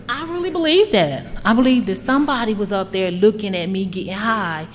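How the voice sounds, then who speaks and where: A woman's voice: mid-range voice, sing-song, a little fast, hardly any pauses, in a large hall, slight background noise. A middle-aged woman, telling her recovery story as a candid, emotional personal testimony. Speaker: speaker sharing recovery story.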